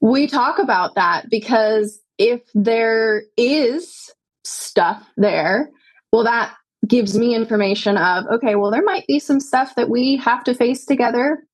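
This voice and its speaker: A US woman, a yoga teacher and doula, is a guest on a podcast in a conversational interview. Her fairly high voice is a little slow, earnest, and reflective, and she often ends thoughts with tag questions. The recording quality is low.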